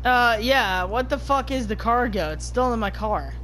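A woman improvising profane character banter while playing a game, brash and prone to sudden shouts. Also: on the high side, expressive, moderate pace, slight background noise. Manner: brash, swearing, bursts into shouts. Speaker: gamer voicing characters over party chat. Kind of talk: improvised profane role-play while gaming.

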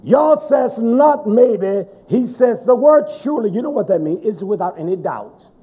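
A man preaching a sermon in a fervent, emphatic way, with sudden shouted stresses. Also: high-pitched, expressive, measured pace, slightly rough.

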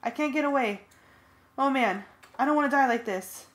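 A woman voicing a gentle teenage girl who calls out loudly. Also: high-pitched, normal speed, voice pushed up, close to an everyday voice. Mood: frightened. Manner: panicked, calling out. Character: gentle teen girl, frightened.

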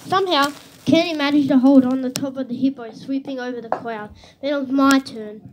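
A woman reading a children's book aloud in an expressive storytelling manner, on a slightly dull recording with faint hiss. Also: high-pitched, fairly quick. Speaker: reader.

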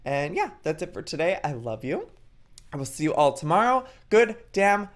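Young male host, jumpy and expressive, swinging pitch, reacting to scary stories. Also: a little fast. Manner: excitable, gasping and exclaiming often. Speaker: YouTube host. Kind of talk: reading chat stories aloud with reactions.

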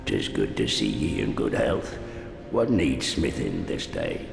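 An actor playing a kindly, humble old male blacksmith who talks slowly in old-fashioned folksy speech. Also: big pitch swings, full character voice. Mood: friendly. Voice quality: deep gravelly voice. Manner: slow, archaic folksy speech. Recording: roomy game audio with reverb and music.

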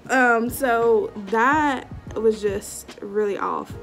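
A young woman talks slowly in a fairly high voice, loose and tipsy as she rambles through a storytime vlog. She swears freely and fills her pauses with filler words. Faint music plays underneath. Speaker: vlogger. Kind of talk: casual storytime.

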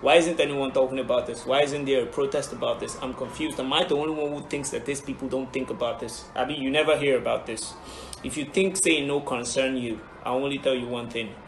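A man's voice: mid-range voice, steady tone, brisk. A man with a mid-range voice, earnest and impassioned, speaking in an audition video. The room is echoey and faint music plays behind. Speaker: reality show contestant. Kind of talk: audition video, spoken-word monologue.

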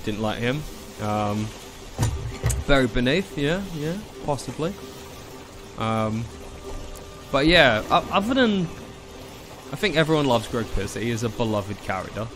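A man's voice: mid-range voice, lively intonation, measured pace, long pauses, music in the background. A man streaming a video game alone, chatting casually, rambling and swearing as he plays from home. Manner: rambling, swears freely, trails off. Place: home room.

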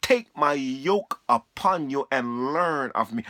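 A man's voice: mid-range voice, expressive, slow, sharp tone, no room sound, clean studio sound. A man preaching fervently to a camera, repeating himself and quoting scripture. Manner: fervent, repetitive, quotes scripture. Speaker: street preacher.

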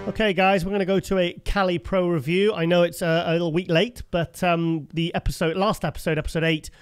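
A man's voice: high voice, level tone, brisk, soft background music. A British man hosting a podcast interview, enthusiastic and chatty, often repeating himself and calling his guest mate. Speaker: podcast host. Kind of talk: casual interview chat.

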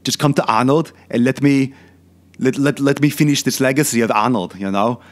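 A fitness channel host, a man with a medium-pitched, natural voice at normal speed, plays a boastful, crude older Austrian bodybuilder turned film star. He rants comically in a heavy put-on Austrian accent, boasting and repeating filler questions.

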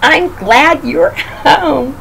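A woman voicing a loving mother sheep in a picture book read aloud, gushing in a high voice. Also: extremely slow, creaky, a bit bright, a little hiss or hum, heavily acted, rough recording. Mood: overjoyed.

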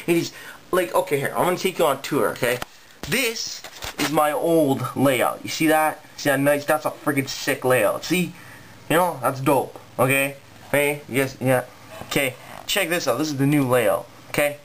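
A man's voice: medium pitch, moderate pace, a bit bright, slight background noise. A man, an auto body technician, delivering a heated, profane rant to the camera. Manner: profane, heated, repetitive ranting.

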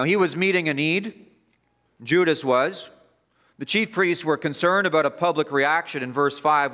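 A man preaching a sermon as pastor, emphatic and repetitive, building up and then dropping low. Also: sharp tone. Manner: emphatic, repetitive preaching with rising and falling intensity. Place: church.

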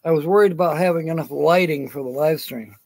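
A man's voice: on the high side, quick pace, a little mellow, no echo. A man hosting a casual live stream outdoors, rambling and chuckling as he answers viewers by name. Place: outdoors in sunshine.

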